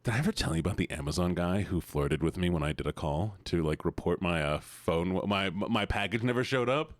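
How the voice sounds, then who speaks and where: A man streaming live, chatting casually with his viewers and telling animated stories. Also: deep voice, a little fast, no room sound. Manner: animated storyteller, talks to chat.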